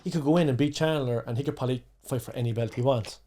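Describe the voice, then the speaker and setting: A young man co-hosting a podcast, chatting casually and eagerly jumping in with his opinions. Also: mid-range voice. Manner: animated, quick to jump in with opinions. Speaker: podcast co-host. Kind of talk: casual chat.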